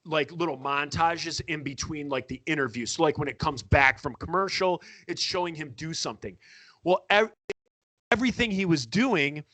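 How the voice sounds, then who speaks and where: A man's voice: a little high, dry recording. A man telling a long story in a casual chat, acting out what people said and laughing as he goes. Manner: animated, acts out quotes with laughter. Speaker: podcast guest storyteller.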